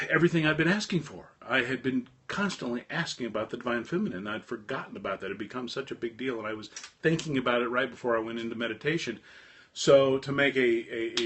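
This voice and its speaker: A middle-aged man telling a rambling, animated personal story in a casual monologue to his viewers. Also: medium pitch. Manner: animated, rambling, with frequent restarts. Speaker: host of a live stream talk.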